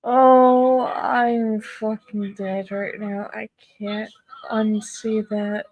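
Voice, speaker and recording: Slow-talking, foul-mouthed young woman streamer. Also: medium pitch, flat delivery, a little mellow, dry recording, low-quality recording. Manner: swears constantly, laughs and exclaims in disbelief. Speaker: live streamer. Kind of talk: casual live-stream chat.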